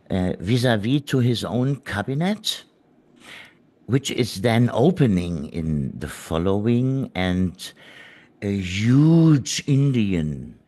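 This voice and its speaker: A man with a lowish voice tells a story as an interview guest. He speaks slowly, halting and restarting as he searches for words. His tone is earnest, with a gentle amusement underneath. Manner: hesitant, halting with many fillers and restarts. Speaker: guest physical medium.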